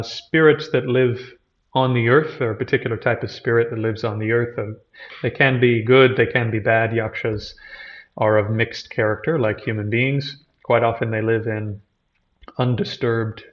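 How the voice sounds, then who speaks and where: A man's voice: medium pitch, fairly even intonation, unhurried, highs cut off. A man giving a teaching talk, retelling an old scripture story and explaining its terms as he goes. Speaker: lecturer on Buddhism.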